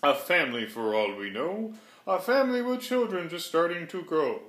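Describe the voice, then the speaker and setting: A man's voice: on the high side, big pitch swings, normal speed, fairly bright tone. A man voicing a kind, faithful elephant who talks earnestly and pleads as he reads a storybook aloud. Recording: roomy echo.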